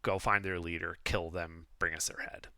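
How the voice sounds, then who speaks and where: A man's voice: deep voice, level tone, normal speed, bright, forceful tone, clean tone, no echo, studio quality, voice pushed down. A man voicing a bored human tax collector who answers curtly and dismissively.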